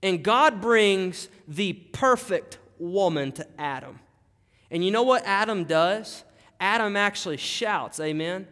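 A man's voice: high voice, lively intonation, takes it slowly, a bit bright. A male pastor preaching a sermon, emphatic and dramatic, repeating key phrases. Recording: long hall reverb.

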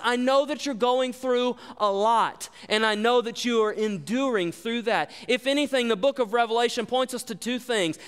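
A man's voice: very high voice, a bit bright, smooth, big-room sound. A male pastor delivering a sermon, emphatic and repetitive, asking the congregation rhetorical questions.

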